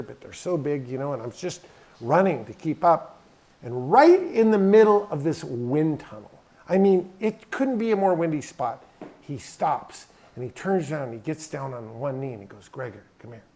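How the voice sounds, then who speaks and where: A man's voice: a little high, warm tone. A middle-aged man speaking at an event in a hangar, telling a folksy, emphatic story in a drawling manner. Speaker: guest speaker. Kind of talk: storytelling talk.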